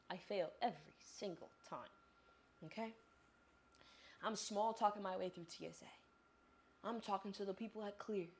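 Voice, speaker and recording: A young woman in her twenties, a vlogger telling a chatty, animated story about her travel day straight to the viewer while on the move. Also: on the low side, creaky, a little hiss or hum. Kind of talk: casual storytelling vlog. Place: on the move, traveling through an airport.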